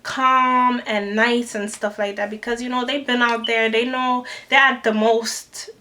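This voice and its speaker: A young woman in a storytime vlog, animated and acting out the people she quotes. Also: on the high side, unhurried. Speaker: vlogger. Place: New York City.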